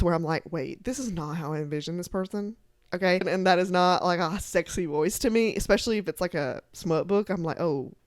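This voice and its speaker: A woman's voice: lowish voice, no echo, studio quality. Chatty young woman reacting to book tropes. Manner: chatty, animated, lots of "like" fillers and laughs. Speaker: book content creator. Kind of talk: casual chat to camera.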